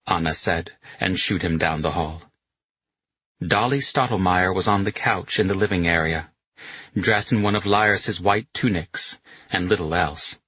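Male audiobook narrator, steady and measured, deep and husky. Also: no echo, highs cut off.

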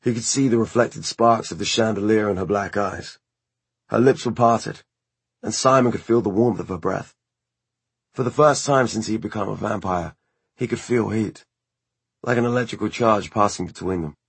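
A man reading an audiobook in a measured, even narration style. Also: on the low side, creaky, breathy edge, no echo.

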